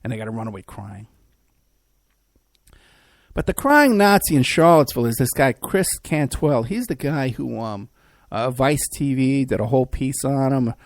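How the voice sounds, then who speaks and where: Gravelly, sarcastic male podcast host. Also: mid-range voice, animated, moderate pace, no echo. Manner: rambling, sarcastic, many fillers and restarts. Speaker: podcast host and private investigator. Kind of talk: casual mocking commentary.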